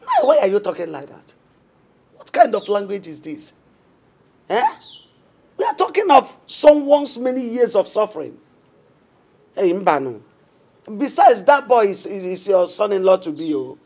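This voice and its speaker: A woman's voice: medium pitch, wildly swooping pitch, normal speed, pauses often, dark tone, husky, full character voice. An actress with a Nigerian accent playing a middle-aged wife in a film drama who scolds her husband indignantly. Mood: reproachful. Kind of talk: Nollywood film acting.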